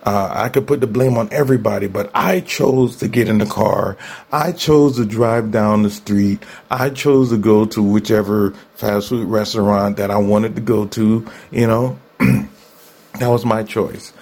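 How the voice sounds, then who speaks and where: Man, talk show host, solo monologue, candid, conversational, slightly low voice. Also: measured pace, darkish tone, slightly rough. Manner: candid, conversational, laughs often, repeats for emphasis.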